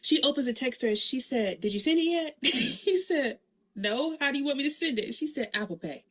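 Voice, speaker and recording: A mother telling a comic story in a sassy, lively way, acting out the people in it. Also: high-pitched, normal speed. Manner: sassy, lively, acts out voices in her story. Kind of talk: comedic storytelling monologue.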